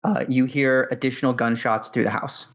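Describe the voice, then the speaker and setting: A man narrating as game master of a tabletop horror game, calm and matter-of-fact with frequent fillers. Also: medium pitch, moderate pace, low-quality recording.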